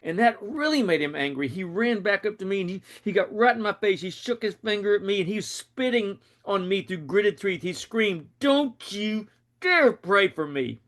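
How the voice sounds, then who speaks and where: A man's voice: high voice, a little fast, few pauses, a bit bright. A man earnestly retelling a personal faith story in a conversational, dramatic way. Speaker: storyteller and show host.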